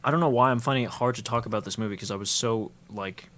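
Man, podcast co-host, casual film chat, animated, swears now and then, loose filler words. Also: mid-range voice, quick pace. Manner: animated, swearing, quotes others in character; says "like" and "yeah" a lot.

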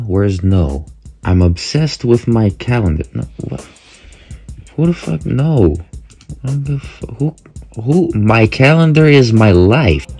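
A young man casually commenting as he takes an online quiz, joking, swearing a lot and reacting loudly to what he sees. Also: on the low side. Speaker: content creator.

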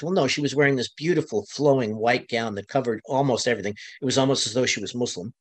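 An American man on a webinar panel, retelling events conversationally, his voice climbing high when he quotes others, with frequent restarts. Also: fast, few pauses, slightly rough. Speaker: panel guest, county LGBTQ commissioner.

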